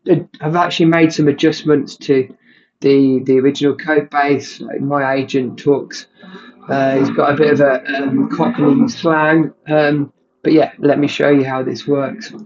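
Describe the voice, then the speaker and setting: A man casually walking through a tech demo, halting with many ums and restarts. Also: medium pitch, level tone, darkish tone, muffled recording. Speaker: tech creator. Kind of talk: casual screen-share walkthrough.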